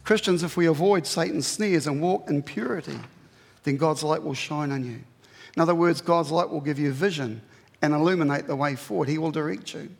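A man preaching a sermon as pastor, earnest and pleading, climbing sharply in pitch when he presses a point. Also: a little fast, vocal fry. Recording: long hall reverb.

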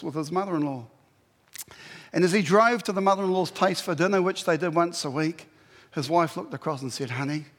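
Gravelly high-voiced man preaching. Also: in a large hall. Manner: blunt and exhorting, with plain commands. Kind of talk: sermon.

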